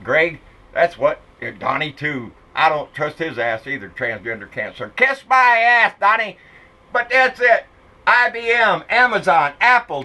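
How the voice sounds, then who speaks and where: Blunt, profane man, high and bright. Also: rough recording. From Texas. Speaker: political vlogger. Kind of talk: ranting political commentary.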